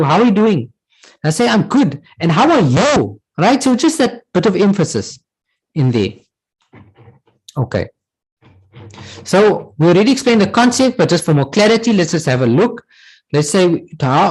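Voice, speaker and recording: A male language teacher running a class, his pitch rising and falling a lot as he explains. He talks patiently, repeats each word and keeps asking "right?" to check the class follows. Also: a little mellow, husky, rough recording. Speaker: Arabic teacher. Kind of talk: online class lesson.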